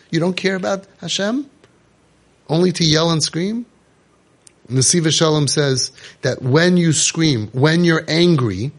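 A man's voice: fairly high pitch, creaky, slightly rough. A man giving an impassioned religious lecture to parents, scolding and rhetorical, sprinkling in Hebrew and Yiddish terms.

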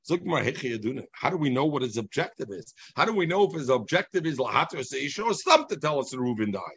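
A man teaching a Talmud class, explaining each passage in a sing-song, animated way and mixing in Hebrew and Yiddish terms. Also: medium pitch, quick pace, vocal fry, breathy edge.

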